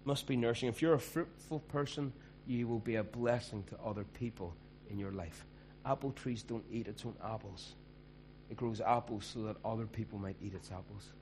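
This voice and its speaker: A man's voice: on the low side, normal speed, darkish tone, a little hiss or hum. A man preaching a sermon as pastor, conversational and emphatic.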